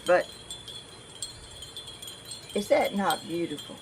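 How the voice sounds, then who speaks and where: An older woman from Georgia talks in a flat Southern drawl. Her voice is slow and gravelly. She rambles in a friendly way to her viewers about a craft project, with a faint hiss in the background. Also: on the low side. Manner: chatty, rambling, addresses viewers as y'all. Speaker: craft vlogger. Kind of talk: casual crafting tutorial.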